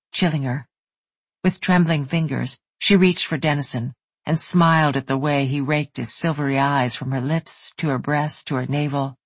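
An audiobook narrator giving a soft, unhurried, intimate reading of a romance novel. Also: medium pitch, husky, dry recording.

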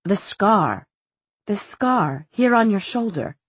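A woman's voice: medium pitch, lively intonation, takes it slowly, husky, dry recording. A woman reading an audiobook, voicing a stern, cold, formal woman official. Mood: urgent.

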